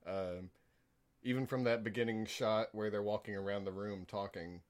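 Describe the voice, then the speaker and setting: An American man co-hosting a casual podcast, talking about films hesitantly with many pauses and restarts. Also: fairly low pitch, steady tone. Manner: hesitant, many fillers and restarts, laughs softly. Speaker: podcast co-host. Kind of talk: casual film review chat.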